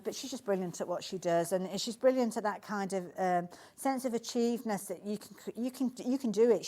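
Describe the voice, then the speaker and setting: A woman with a slightly high voice hosts a live shopping channel show from a TV studio. She talks in a chatty, gushing sales patter. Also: a little mellow.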